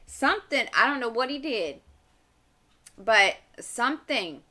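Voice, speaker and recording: A woman's voice: on the high side, big pitch swings, a little slow, pushed and bright. A middle-aged woman chatting casually at home while crafting, rambling and talking to herself as she works. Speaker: channel host. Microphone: desk mic.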